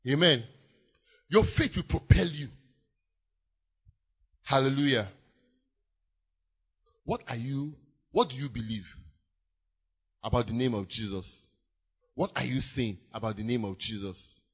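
Animated pastor, bright voice. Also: male voice, mid-range voice, unhurried, pauses often, husky. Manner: animated, acts out scenes with shouted exclamations. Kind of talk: sermon. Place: church. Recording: dull lo-fi church recording.

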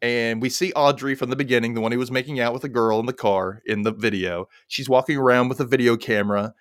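A man's voice: medium pitch, fairly even intonation, fast talker, clear, resonant tone, dry recording, clean studio sound. A man hosting a podcast, recapping a TV episode in casual chat, laughing often and mimicking the characters in silly voices. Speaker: podcast host.

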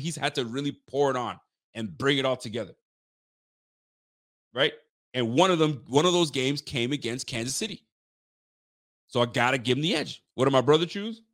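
A man hosting a casual live sports talk show, talking emphatically to his viewers and often restarting his sentences. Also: medium pitch. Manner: excitable, emphatic, frequent restarts; chats directly to live viewers. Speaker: sports fan show host.

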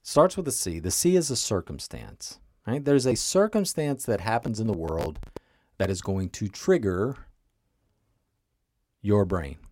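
A man's voice: lowish voice, very animated, unhurried, a little mellow, no room sound. A man hosting a coaching podcast, explaining casually and often checking in with "right?" and "okay?". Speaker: life coach and podcast host.

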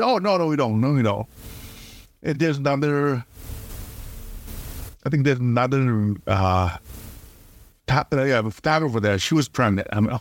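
Man, podcast host, halting rambling storytelling, mid-pitched voice. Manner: halting, rambling, lots of restarts and fillers. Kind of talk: casual storytelling monologue.

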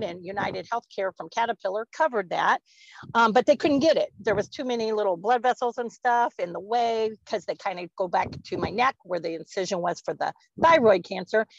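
A woman's voice: medium pitch, creaky, no echo, muffled recording. A woman in her forties in casual podcast chat, rambling and laughing often as she talks. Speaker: podcast co-host.

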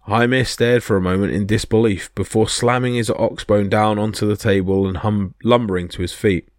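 Man, storyteller, low voice, dry close sound, expressive reading. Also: normal speed, no echo. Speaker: podcast storyteller. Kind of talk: storytelling narration of myths.

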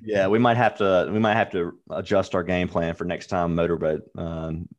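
A man's voice: sits low, little pitch movement, normal speed, muffled recording. A man co-hosting a casual racing betting podcast in a laid-back, chatty way. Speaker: podcast co-host. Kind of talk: casual sports betting chat.

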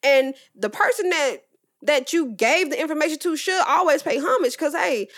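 A woman co-hosting a casual chat, talking in a relaxed, loose way and giving advice. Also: high-pitched, normal speed.

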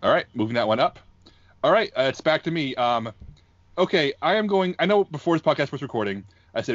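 A man hosting a podcast in casual chat, eager and quick when pitching his picks, on dull lo-fi audio. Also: animated, no echo. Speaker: podcast host.

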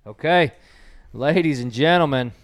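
Speaking a little slowly in a fairly high voice, a man hosts an informal quiz at home. He reads jokes out loud and chuckles at them, keeping a loose style full of fillers.

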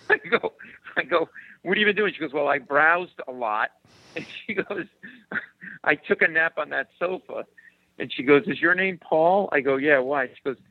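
A man spins comic anecdotes in lively casual chat, laughing as he goes. His voice sits a touch high. The sound is dry and a little muffled, like a small studio line. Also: normal speed, dry recording. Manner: animated joke-telling storyteller, puts on voices and laughs. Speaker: comedian guest.

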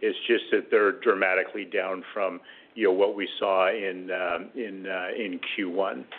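A man's voice: deep voice, fairly even intonation, moderate pace. A man speaking as a company executive on an earnings call, hesitant and full of fillers. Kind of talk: conference call answer. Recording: tinny phone line.

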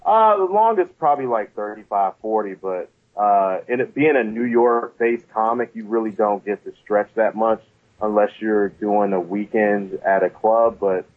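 A man who is a stand-up comedian, a podcast guest talking in an easygoing, modest way with halting restarts. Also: lowish voice. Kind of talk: casual interview chat. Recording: tinny phone line.

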